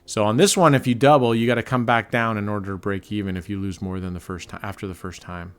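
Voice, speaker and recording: A man hosting live casino gameplay commentary, excitable and cursing, grumbling at the dealer as he works out his bets. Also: on the low side, quick pace, smooth. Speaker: channel host.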